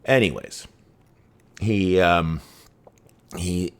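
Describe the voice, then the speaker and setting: Deep-voiced, rambling podcaster. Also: male voice, drawn-out words. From Vancouver, Canada. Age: around 50. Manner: rambling, profane, full of "right?" and "you know". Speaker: true crime podcast host. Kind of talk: casual personal storytelling.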